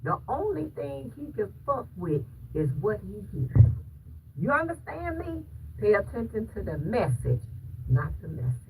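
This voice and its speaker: A woman's voice: medium pitch, very animated, unhurried. A woman telling her viewers a story in an emphatic, preachy way, often stopping to ask if they hear her. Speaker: vlogger. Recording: distant mic with clear background noise.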